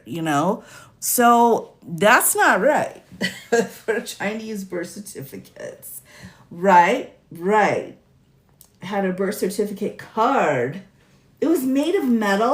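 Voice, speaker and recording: A woman hosting a casual livestream, talking through a bill with a sassy edge, laughing often and reading legal text aloud. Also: on the low side. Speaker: livestream host discussing legislation.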